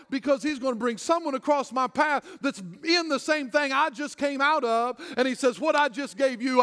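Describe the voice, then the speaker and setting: High-voiced pastor preaching in a reverberant hall. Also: male voice. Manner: swings from loud excited preaching to hushed tender speech. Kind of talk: sermon. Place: church hall.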